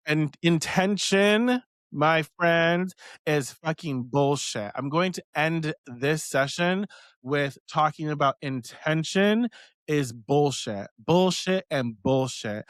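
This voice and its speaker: Chatty, rambling man with a high voice. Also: a bit bright, smooth, no echo. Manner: rambling, swears freely, many fillers and asides. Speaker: host answering community questions on witchcraft. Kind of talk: casual chat.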